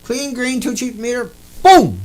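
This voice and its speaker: A man's voice: high-pitched, moderate pace. A man delivering an angry, repetitive rant, swearing often as he talks to his viewers. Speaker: video blogger.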